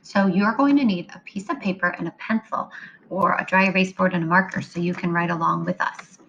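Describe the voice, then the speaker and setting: A woman teaching a phonics lesson to young children, slow and sing-song, drawing words out. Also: on the low side, creaky, fairly bright tone, dull audio, slight background noise. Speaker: kindergarten teacher.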